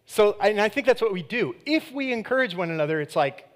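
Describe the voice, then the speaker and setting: A pastor preaching a sermon in a conversational, animated way, acting out quoted voices and swinging between loud emphatic bursts and quiet, hushed lines. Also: male voice, high-pitched, fairly quick, few pauses.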